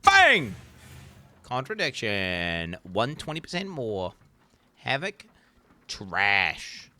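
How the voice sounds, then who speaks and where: A man streaming a video game, chatting casually with his viewers in an excitable, profane way. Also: medium pitch, extremely slow. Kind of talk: casual gaming commentary.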